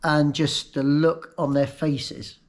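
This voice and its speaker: A man candidly recounting a painful personal story, emotional and halting in places. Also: a little high, little pitch movement. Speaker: vlogger recounting his own accident.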